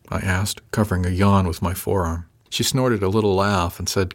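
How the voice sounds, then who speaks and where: A man's voice: sits low, steady tone, a little fast, hardly any pauses. A man reading a first-person audiobook in a matter-of-fact way. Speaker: narrator.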